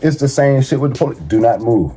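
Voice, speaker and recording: Warm-toned and expressive, this mid-range male voice moves fast as he delivers a blunt, conversational monologue of advice. His speech is heavy with profanity and street slang, with music playing in the background.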